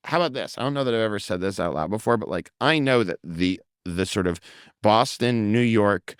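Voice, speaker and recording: A man from the United States, a comedian guest in a casual interview, talking quickly with many fillers and some swearing. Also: fairly low pitch, animated, smooth, no room sound, studio quality.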